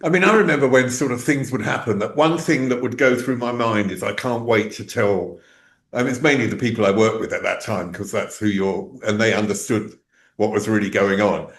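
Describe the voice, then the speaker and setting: A man hosting an interview, talking in a relaxed, musing way with many fillers. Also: lowish voice, fairly quick, slight background noise. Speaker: interview host. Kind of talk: conversational interview. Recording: roomy echo.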